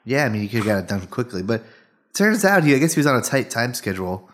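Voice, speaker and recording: A man co-hosting a comedy podcast, recapping a movie in a loose, rambling chat. His voice sits at an ordinary middle pitch. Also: sing-song, fast, fairly bright tone, a little hiss or hum. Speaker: podcast co-host. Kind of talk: casual chat.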